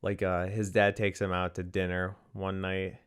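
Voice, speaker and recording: A man's voice: deep voice, monotone, normal speed, clear, resonant tone. A young man co-hosting a movie podcast, chatting casually and rambling with lots of "like". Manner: rambling, heavy use of "like", laughs often. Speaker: podcast co-host.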